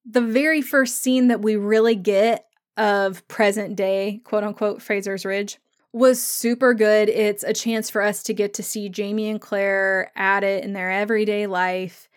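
A woman's voice: medium pitch, fairly even intonation. Chatty woman podcast host who laughs often. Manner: chatty, laughs often, acts out scenes with quick voices. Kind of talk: casual podcast commentary, reading listener comments.

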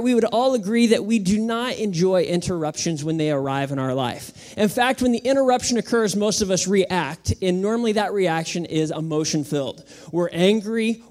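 A man in his thirties preaching a sermon as pastor, in a relaxed, conversational way full of everyday anecdotes. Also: very high voice.

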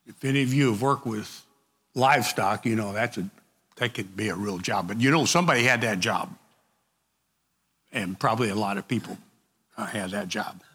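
A man leading a group Bible study, reading passages and talking them through in a halting, conversational way with frequent restarts. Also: fairly low pitch, a bit bright, breathy edge, big-room sound.

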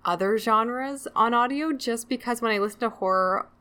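A woman's voice: fairly high pitch, normal speed, sharp tone, clear, resonant tone. A woman co-hosting a book podcast, talking in a chatty, self-deprecating way and laughing often. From Canada. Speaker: podcast co-host. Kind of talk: casual book chat.

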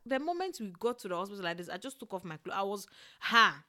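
A young adult woman telling a personal story in a casual, expressive way, with frequent exclamations. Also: mid-range voice, fast talker. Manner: animated and expressive, with exclamations and laughter.

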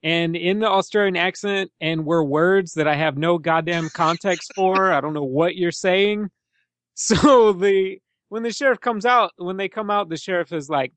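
A man's voice: high-pitched, normal speed, fairly bright tone, no room sound. A young man co-hosting a podcast, chatting casually about a film, laughing often and swearing freely. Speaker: podcast co-host. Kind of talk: casual film-discussion chat.

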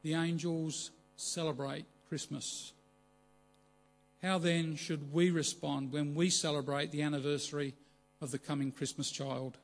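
A man preaching a measured, earnest sermon, slowing down for emphasis. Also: on the high side, little pitch movement, soft background music.

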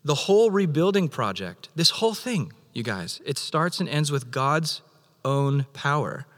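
A man preaching a sermon as pastor, animated, acting out God's voice in quoted lines. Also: on the high side, unhurried, big-room sound.

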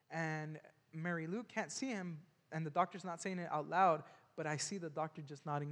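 Halting man in a reverberant hall. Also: a little high, steady tone, a bit bright. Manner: halting and earnest, with frequent restarts and repeated words. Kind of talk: personal storytelling.

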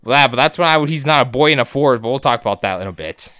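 A man's voice: mid-range voice, animated, quick pace, bright, forceful tone, no echo, studio quality. A man co-hosting a podcast, recapping episodes in a joking, profane, rambling way. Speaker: podcast co-host. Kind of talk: casual recap chat.

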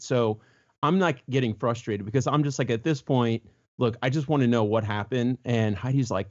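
A man co-hosting a casual chat, telling a family story and lively acting out the voices of the people in it. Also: mid-range voice, brisk, dull audio. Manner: animated, jumps into voices when quoting others. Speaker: co-host.

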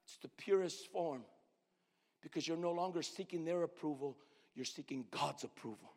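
A man pastor preaching a sermon with emphatic delivery, swinging from shouted lines to low, quiet asides. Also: moderate pace. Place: church sanctuary. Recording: long hall reverb.

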